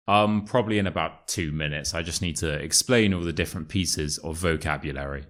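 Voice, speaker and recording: A man's voice: low voice, moderate pace, hardly any pauses. A British man hosting a casual English lesson video, joking and matter-of-fact, with British slang. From United Kingdom. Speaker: English teacher, YouTube host.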